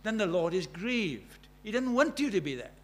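A man with a South Welsh accent preaching a sermon, earnest, moving from loud emphasis to hushed storytelling. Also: high voice, sing-song, normal speed. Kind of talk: sermon with personal stories.

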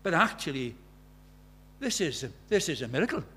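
A man preaching a sermon, conversational and animated, swinging from loud exclamations to quiet, intimate tones. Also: fairly high pitch, moderate pace, a little hiss or hum. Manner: conversational, uses quoted dialogue and filler words.

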